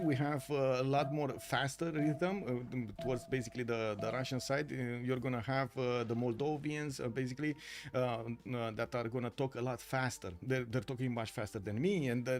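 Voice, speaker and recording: A man from Romania with a Romanian accent, casting a strategy game tournament live, answering chat with rambling talk, fillers and restarts. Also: mid-range voice. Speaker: esports caster.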